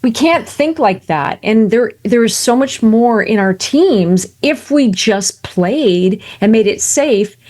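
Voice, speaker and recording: A woman speaking as a podcast guest, an animated storyteller who tosses in quick asides and jokes. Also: on the high side. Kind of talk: lively conversational interview.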